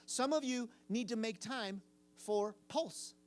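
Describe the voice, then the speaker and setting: A man's voice: very high-pitched, slow pace. A man giving a casual youth group sermon to a live audience in a room. He quizzes the listeners and repeats phrases for emphasis. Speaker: youth pastor.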